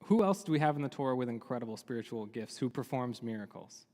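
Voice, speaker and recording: Rabbi telling a story in a reverberant sanctuary. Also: male voice, medium pitch, quick pace. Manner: lively storytelling with many rhetorical questions. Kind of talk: sermon on the weekly Torah portion. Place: synagogue sanctuary. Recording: long reverb of a large hall.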